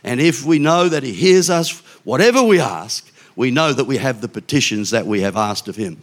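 A man's voice: medium pitch, expressive. Older man preaching casually. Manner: conversational preaching with quick asides and restarts. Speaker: pastor. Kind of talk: sermon.

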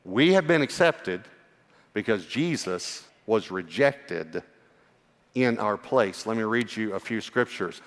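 A man preaching a sermon as a pastor, earnest and personal, sometimes dropping to a hushed voice for emphasis. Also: on the low side, animated, slow pace. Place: church. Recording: long hall reverb.

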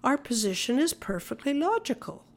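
A woman reading the lines of a calm, stubborn country minister's wife in a cool, matter-of-fact way. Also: sits high, moderate pace, pitched above the performer's own voice, heavily acted.

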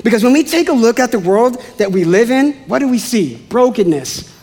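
This man's voice is notably high and husky, and he talks a little fast as he preaches to his congregation. The sermon feels chatty and lively, sprinkled with playful asides between points.

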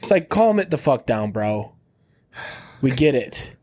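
A man's voice: medium pitch, very animated, measured pace. A man co-hosting a podcast in crude, casual banter, laughing often. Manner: laughs often, loud jokey impressions. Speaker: podcast co-host.

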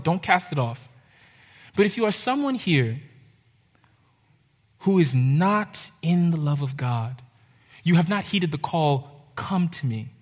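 A young man preaching a sermon, urgent and impassioned, with dramatic pauses. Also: on the high side. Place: church hall. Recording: reverberant hall.

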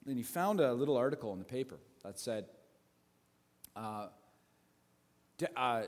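In a church sanctuary with long hall reverb, a male pastor tells a story during his sermon. His mid-range voice is animated yet measured in pace, with long pauses, and his conversational delivery includes restarts and asides.

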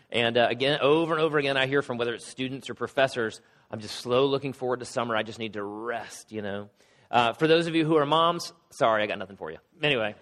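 A middle-aged male pastor with a cold and a hoarse voice, preaching a sermon with casual joking asides. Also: mid-range voice, a bit bright. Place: church sanctuary. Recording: long hall reverb.

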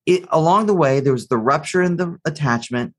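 A man's voice: on the high side, a little fast. A man answering as an expert guest in an interview, explaining psychology through a story he tells step by step. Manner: storytelling, acts out the quotes of the figures in the story.

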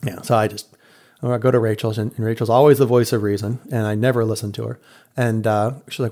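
A man's voice: lowish voice, steady tone, fairly quick, darkish tone. A middle-aged man casually telling a story, acting out quotes and laughing often. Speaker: podcast host telling a story.

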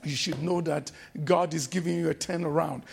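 A man preaching a sermon as pastor, slow and emphatic, repeating refrains and breaking into shouted exclamations. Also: a little high, steady tone, vocal fry.

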